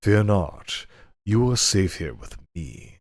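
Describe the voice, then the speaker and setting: A smug, lecherous old nobleman, as a man puts him on. He drawls slowly and suggestively in a low, deep voice, and the recording is dry and close. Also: very animated, no room sound, exaggerated voice. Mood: leering. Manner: slow, leering, suggestive drawl. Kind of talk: comic dramatic reading.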